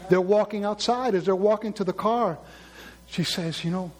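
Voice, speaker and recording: A man's voice: high voice, moderate pace, a little mellow. A man preaching a sermon, telling a long joke story to his congregation and acting out the characters as he goes. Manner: storytelling, acts out characters, asks the congregation questions.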